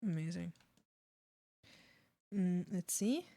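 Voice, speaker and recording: A woman's voice: fairly low pitch, animated, slow, vocal fry, dark tone, no echo, clean studio sound. A woman streaming her art, talking to herself as she draws and singing along to music now and then. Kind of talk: casual talk while drawing.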